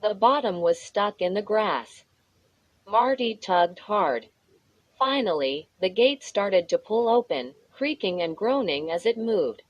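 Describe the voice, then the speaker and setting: A woman narrating a spooky children's story in a measured, steady reading voice. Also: medium pitch, dry recording, rough recording. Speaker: audiobook narrator.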